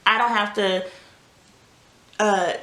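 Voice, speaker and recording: A woman's voice: medium pitch, fairly even intonation, slow, bright, forceful tone. Chatty woman telling stories in a roomy house. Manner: candid, chatty, laughs while telling stories. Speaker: vlogger and mother. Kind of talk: casual storytelling chat. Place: home, doing laundry. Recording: roomy home echo, faint noise.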